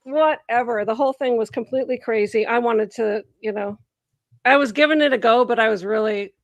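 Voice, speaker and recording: A middle-aged woman recounting a story in a relaxed, chatty way, slightly high and with a gravelly fry under her voice. She leaps into higher voices to act out quoted people and laughs as she goes. Close and dry, with no room sound. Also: a little fast, no room sound. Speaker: host. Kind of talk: casual conversational storytelling.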